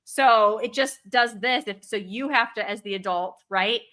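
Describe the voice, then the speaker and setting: A middle-aged woman, a mother, chatting casually and telling stories with lively acted-out quotes. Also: fairly high pitch, a little slow. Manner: animated storyteller, acts out quotes. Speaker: guest. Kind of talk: casual chat.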